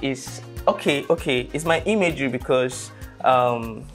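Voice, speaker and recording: Nigerian man, mid-pitched, teasing and preachy contestant, soft music under. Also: animated, unhurried. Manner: teasing, lecturing, mixes in pidgin. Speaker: dating show contestant. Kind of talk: casual banter.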